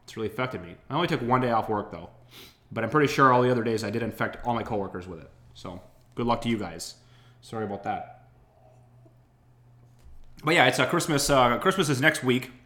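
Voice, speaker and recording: A man's voice: mid-range voice, fairly quick, pauses often, a bit bright. A man hosting a podcast, telling a rambling, wry, complaining story while getting over an illness. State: recovering from illness. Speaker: podcast host. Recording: roomy echo.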